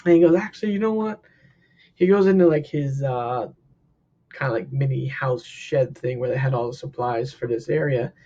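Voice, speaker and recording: Husky man telling a lively story. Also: normal speed. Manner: animated, acts out quotes with big pitch jumps. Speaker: counselor. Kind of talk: casual storytelling to camera. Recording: dull lo-fi recording.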